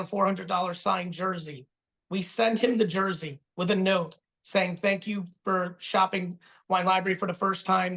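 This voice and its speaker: This man talks in a high, gravelly register, punching each point with blunt, profane emphasis. He tells stories at a brisk, animated clip over a video call. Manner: fast, emphatic, profane storytelling. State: getting stitches while talking. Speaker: guest speaker answering questions. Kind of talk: storytelling and business advice.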